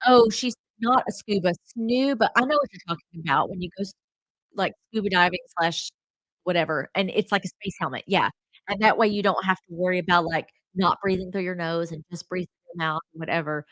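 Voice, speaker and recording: A woman's voice: fairly low pitch, fairly quick, a bit bright, dry recording, low-quality recording. A woman hosting a casual travel livestream, chatty and rambling with lots of fillers, a bit stuffy from a cold. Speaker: travel channel host.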